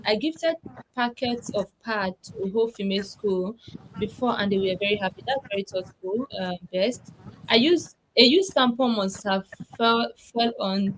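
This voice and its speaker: A woman's voice: a little high, a little hiss or hum, rough recording. Woman hosting a chatty live stream, laughs a lot, reads out comments, call mic. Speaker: livestream host. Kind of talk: casual livestream chat.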